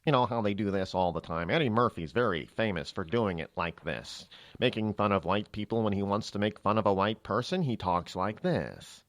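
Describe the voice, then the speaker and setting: Male radio host, rambling opinionated monologue, lively swinging pitch, dry studio sound. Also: normal speed, few pauses, no room sound. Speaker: radio talk show host.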